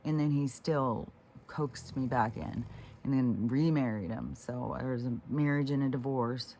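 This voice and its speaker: A woman's voice: very deep voice, fairly even intonation, unhurried, warm tone, slight background noise. A woman talking to camera in a meandering, frank monologue, swearing freely and often restarting her sentences. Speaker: vlogger. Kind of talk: rambling casual monologue.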